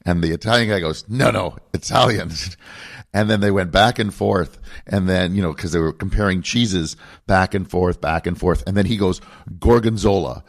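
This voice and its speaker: Man, very low voice, middle-aged, casual podcast co-host, relaxed storyteller. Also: normal speed. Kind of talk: casual chat.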